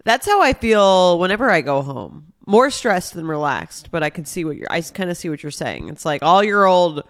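A woman's voice: lowish voice, big pitch swings, moderate pace, no echo, studio quality. A woman co-hosting a podcast remotely, chatting wryly and laughing often. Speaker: podcast co-host. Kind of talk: casual chat. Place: apartment. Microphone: remote recording.

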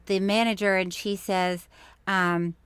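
A woman co-hosting a podcast in casual chat, an animated storyteller who breaks into loud laughter. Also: medium pitch, slow, clear, resonant tone, dry recording. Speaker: podcast co-host.

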